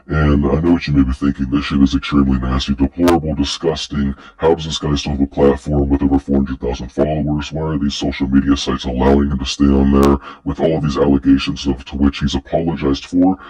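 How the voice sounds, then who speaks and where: Very deep-voiced young man, sarcastic commentary. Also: fairly even intonation, fairly quick, a little mellow, slightly rough, recorded from a distance, poor audio. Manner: sarcastic, swears often, mocks the texts he reads out. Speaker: commentary creator. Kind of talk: online commentary.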